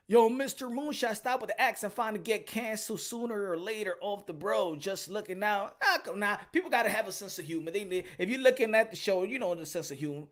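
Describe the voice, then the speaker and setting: A man hosts his own boxing channel live, talking loosely and animatedly. His tone is bright and forward. He loops back over phrases and calls out names from the chat. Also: sits high, normal speed. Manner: animated, repetitive, slangy, reads chat aloud. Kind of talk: casual livestream chat.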